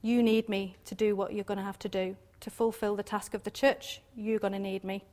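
A woman giving an informal devotional talk on scripture, chatty and quick to laugh, often ending points with little questions. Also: medium pitch, little pitch movement, darkish tone. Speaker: Bible teacher.

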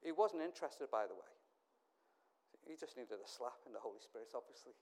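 A man's voice: medium pitch, lively intonation, brisk, slight background noise. A man, a pastor, telling stories in a sermon. He acts out the dialogue and drops in self-mocking asides. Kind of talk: storytelling sermon.

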